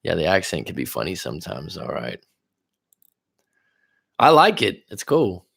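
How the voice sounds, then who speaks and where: A man's voice: sits low, huge pitch swings, measured pace, gravelly, fairly bright tone, husky. A man from California, hosting a casual live stream as a relationship coach, reading viewer comments aloud and answering them in a loose, rambling way. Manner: loose, rambling, with fillers and restarts.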